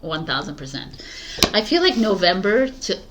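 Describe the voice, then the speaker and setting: A woman's voice: medium pitch, sing-song, normal speed, background noise. A woman tarot reader talking casually to her viewers, laughing at herself and losing her train of thought. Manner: giggly, scattered, laughing at herself. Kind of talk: casual spoken tarot talk.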